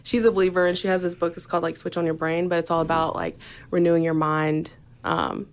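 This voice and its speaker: A young woman chatting casually as an interview guest, telling animated stories with lots of "like" and filler words. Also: lowish voice, quick pace, clean tone. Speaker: interview guest, new church staff member. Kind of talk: casual chat.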